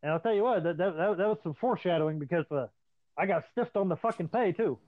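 A man's voice: high-pitched, quick pace, dry recording. Foul-mouthed guy spinning old stories, dry tinny sound. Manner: profane, animated storytelling. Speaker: podcast host. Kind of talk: casual storytelling chat. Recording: dry, tinny phone-like line.

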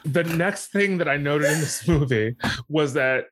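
A man's voice: on the high side, measured pace, a little hiss or hum. A man co-hosting a podcast, chatting casually and playfully while recapping a movie. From Texas. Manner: chatty, animated, playful and joking. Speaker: podcast co-host.

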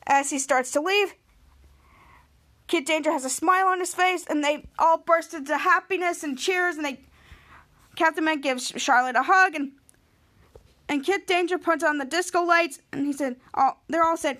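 High-voiced young woman recapping a show. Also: moderate pace, bright, forceful tone. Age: 20s. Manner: rambling, with many restarts and "he's like". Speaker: podcast host. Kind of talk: casual episode recap.

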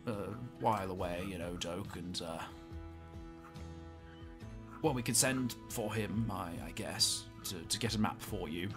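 Old grumpy hedgehog guy done by a man, mumbly and touchy, kinda low and quiet, bright-ish voice with faint music under it. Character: very old male hedgehog, huffy and defensive.

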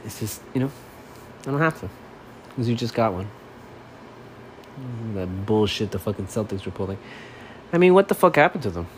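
A man from Miami talking alone on his sports podcast in his apartment, cursing constantly and swinging between low, subdued mumbling and loud, animated ranting. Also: moderate pace, pauses often, noisy background. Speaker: podcast host. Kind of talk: casual solo sports podcast rant.

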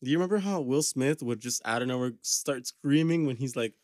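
A man's voice: medium pitch, a little fast, darkish tone, a little hiss or hum. A man co-hosting a casual podcast chat, slangy and laughing often, recorded close on a mic. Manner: slangy, laughing, says "fool" and "dude" a lot. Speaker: podcast co-host.

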